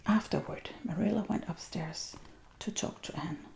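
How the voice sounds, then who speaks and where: A woman with a Danish accent reading a children's story aloud in a soft, gentle ASMR voice, often half-whispered. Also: mid-range voice, moderate pace, vocal fry. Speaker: reader.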